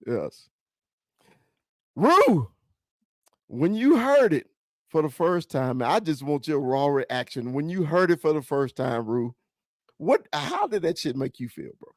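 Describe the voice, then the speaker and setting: A man hosts a sports talk show, prodding his guests for their raw reactions. His pitch swings widely and sits a little high, with a dry and close sound. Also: big pitch swings, unhurried, pauses often, no echo.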